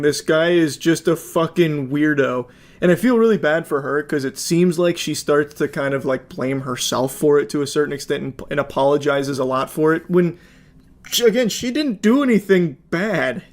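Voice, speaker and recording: A man's voice: a little high, normal speed. A man giving casual reaction commentary, sarcastic and swearing freely. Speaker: commentary host.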